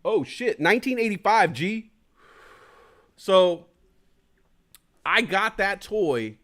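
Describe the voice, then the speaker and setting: A male host chatting casually on a live stream, rambling from one thing to the next and swearing freely. His voice is high and lively, with a bright, forceful tone. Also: takes it slowly.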